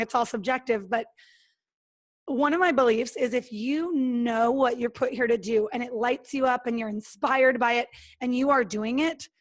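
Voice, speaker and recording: A woman talking as a podcast guest in a casual, earnest and motivational way, acting out her own thoughts and what others said. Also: a little high. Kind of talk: casual interview talk.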